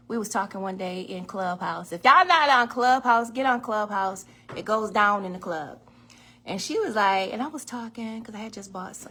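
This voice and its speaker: Woman host, casual kitchen-livestream chat, slightly gravelly voice, laughs and curses freely. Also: mid-range voice, sharp tone, a little hiss or hum. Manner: chatty storyteller, laughs and swears freely. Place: home kitchen. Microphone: phone or webcam in a home kitchen.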